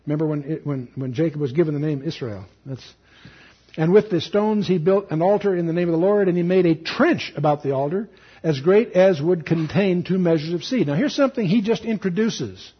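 A man's voice: fairly high pitch, a little fast, slightly rough, dull audio. A man teaching a sermon, reading scripture aloud with dramatic emphasis and breaking in with casual asides. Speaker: Bible teacher.

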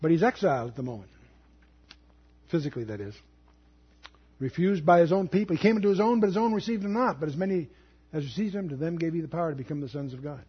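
A man teaching through a Bible passage verse by verse, emphatic and repeating key phrases, his voice trailing low at the ends of phrases. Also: fast talker, pauses often, husky, lo-fi sound.

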